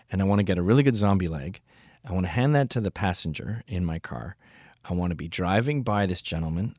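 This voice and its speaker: A man with a fairly low voice delivers a ranting, profane comic monologue with deadpan asides. The recording is close and dry, with no room sound. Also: dry recording. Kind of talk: comedic storytelling monologue.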